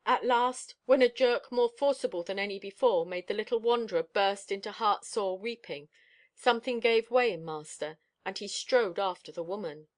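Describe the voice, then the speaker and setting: Woman narrator for a classic novel audiobook, expressive, measured pacing. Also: mid-range voice. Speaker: audiobook reader.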